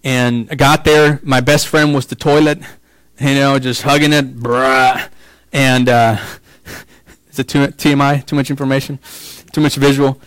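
A man preaching a sermon as pastor, moving between slow, quiet emphasis and rising, excited passages, with casual asides and repeated words. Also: mid-range voice, clear, resonant tone, no echo, rough recording.

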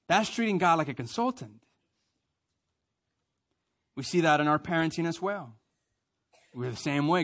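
Male pastor with a fairly high voice. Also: animated, moderate pace, pauses often. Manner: swings from quiet emphasis to loud acted prayers; leads the congregation in call and response. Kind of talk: sermon.

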